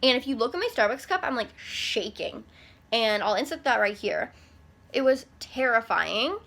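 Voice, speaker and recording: Bright-voiced chatty young woman. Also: fairly high pitch, lively intonation, moderate pace, vocal fry. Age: young adult. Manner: chatty, rambling, filler-heavy with frequent "like". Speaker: vlogger. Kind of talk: casual storytime.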